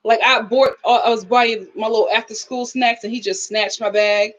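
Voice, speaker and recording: A woman's voice: fairly high pitch, normal speed, lo-fi sound. A woman hosting a casual live stream, telling stories with animation, acting out quotes and reading viewer comments. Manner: animated storyteller who acts out quotes and laughs often.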